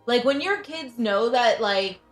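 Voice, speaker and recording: A woman's voice: a little high, expressive, measured pace. A woman in her thirties chatting casually as a livestream host, venting with frustration and frequent restarts. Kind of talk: casual chat. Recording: roomy echo, faint music behind.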